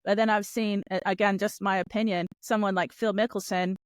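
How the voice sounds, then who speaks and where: A woman's voice: mid-range voice, level tone, fairly quick, no room sound. A woman hosting an interview podcast, talking in a reflective, chatty way and sharing her opinions. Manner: reflective, chatty, laughs along with the guest. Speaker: podcast host. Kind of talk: conversational interview.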